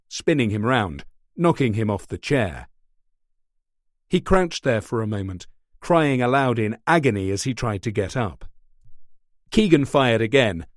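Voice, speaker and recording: A man narrating a thriller audiobook in a steady, measured way. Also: medium pitch, no room sound, studio quality. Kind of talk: scripted narration.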